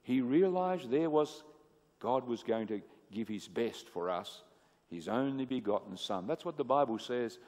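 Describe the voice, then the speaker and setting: A man preaching a sermon. He swings from booming emphasis to hushed asides and asks the audience questions. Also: animated, unhurried. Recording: echoey hall with long reverb.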